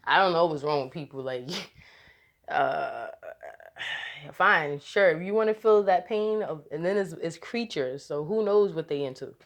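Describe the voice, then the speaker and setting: Woman vlogger, low-leaning voice, chatty and loose, tells stories with lots of restarts and laughter. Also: measured pace. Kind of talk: casual storytelling to camera.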